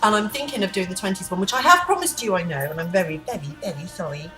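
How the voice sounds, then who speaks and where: A vlogger chats to camera in a room at home, unplanned, rambling and playful. Her medium-pitched voice is expressive and fast. The room is echoey, the mic is distant, and faint music plays.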